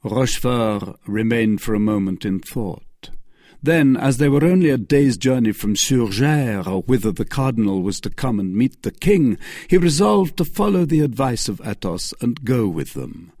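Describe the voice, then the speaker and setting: A man narrating a classic adventure novel as an audiobook in an expressive reading voice. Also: normal speed, no echo, studio quality. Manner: expressive, varied pitch reading. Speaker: audiobook reader.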